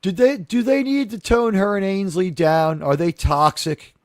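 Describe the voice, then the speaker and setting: A fairly high-voiced man hosts a live chat about a TV episode, animated and quick to act out quoted lines. His voice sounds close and dry, with no room around it. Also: no room sound. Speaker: host of a TV review discussion. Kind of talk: casual chat, recapping an episode.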